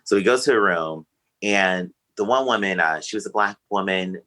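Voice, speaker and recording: A man's voice: low voice, normal speed, bright, forceful tone, rough recording. A man, a podcast guest, telling a painful personal story in an earnest, emotional way.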